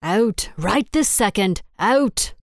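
A woman's voice: on the low side, animated, moderate pace, dry recording, studio quality, close to an everyday voice. A woman reading the part of an impatient male agency boss who snaps and grumbles. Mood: irritated. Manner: snapping, grumbling.

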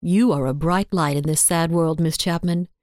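A woman reading the part of a charming, playful man who flatters with a drawl. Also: low voice, normal speed, no room sound, clean studio sound, lightly acted. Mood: flirting. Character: charming playful male knife-thrower.

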